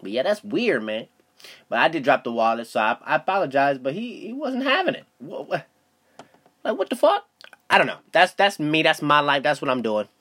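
Young male podcast host, loose and profane, very animated delivery. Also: on the high side, brisk. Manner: loose, profane storytelling with lots of fillers. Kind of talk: casual solo podcast monologue.

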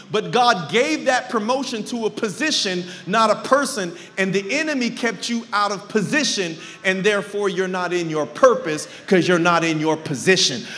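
A man preaching a sermon to his church, shouting points and breaking into joking asides. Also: high voice. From California. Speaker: pastor. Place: large church sanctuary. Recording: reverberant church hall.

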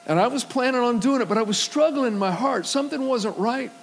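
A man's voice: very high voice, lively intonation, a little fast, vocal fry, slight background noise, low-quality recording. A male pastor preaching a sermon, telling stories and acting out the voices of the people in them, building to emphatic preaching. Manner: storytelling, acts out quoted voices, swells to emphatic preaching.

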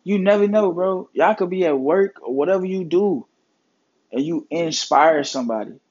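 A man with a fairly high, expressive, darkish voice hosts his own podcast at normal speed, and the audio is dull. His casual motivational talk on life and mental health is earnest and full of slang and swearing.

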